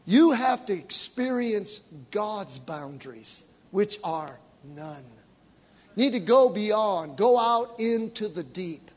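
A man's voice: high voice, lively intonation, slow pace, long reverb tail. A man preaching a sermon, telling stories and acting out the voices of the people in them, building his points with repetition.

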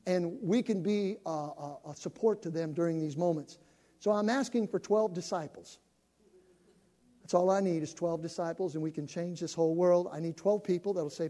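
An older male pastor making an animated appeal to his congregation, building up to shouting. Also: high voice, moderate pace. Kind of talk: sermon announcement to a congregation. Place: church sanctuary. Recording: long reverb of a church hall.

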